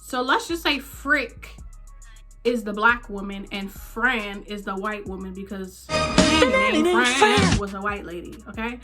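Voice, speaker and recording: A young woman casually telling a story to her vlog audience, animated, acting out the people in it. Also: mid-range voice, slow, music in the background. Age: young adult. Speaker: vlogger.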